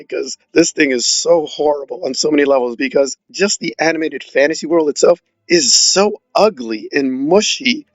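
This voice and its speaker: A man's voice: on the high side, no echo, lo-fi sound. A man giving a sarcastic, exasperated film review, mocking the movie as he goes. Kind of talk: opinionated film review monologue.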